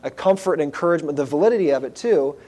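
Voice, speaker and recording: A man delivering a sermon in a voice a little higher than most. He speaks earnestly but in a conversational tone, now and then turning to address the congregation directly. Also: animated, very fast, dark tone. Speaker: pastor.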